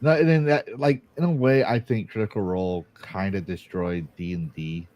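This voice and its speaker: A man's voice: low-pitched, steady tone, normal speed, highs cut off. A man hosting a casual interview podcast, blunt and opinionated, joking at his own expense. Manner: blunt and opinionated, self-deprecating. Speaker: podcast host.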